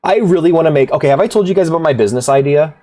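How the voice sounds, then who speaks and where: A man's voice: fairly high pitch, racing, mellow. A man streaming a rhythm game, chatting casually in a rambling, profane way, laughing often. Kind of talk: casual livestream chat.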